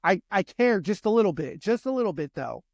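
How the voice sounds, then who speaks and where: A man's voice: high voice, big pitch swings, a little fast, vocal fry, darkish tone, no room sound, studio quality. An American man hosting a podcast, delivering a profane, fired-up fitness rant full of repeated exhortations. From United States. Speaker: podcast host.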